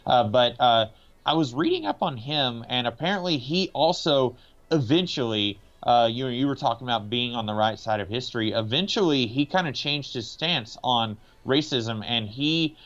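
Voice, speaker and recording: A man's voice: medium pitch, animated, moderate pace, a bit bright, dull audio. A man from the American South co-hosting a podcast, talking casually about a movie with many hesitations and filler words. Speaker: podcast co-host.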